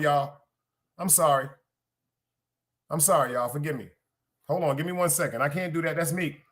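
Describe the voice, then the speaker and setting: A man with a Brooklyn accent hosts a live stream, talking loose and profane straight to his viewers. His voice is bright and sits a little high, with a forceful edge. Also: a little fast, pauses often. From Brooklyn, New York. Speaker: podcast host streaming live. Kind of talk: casual live-stream chat.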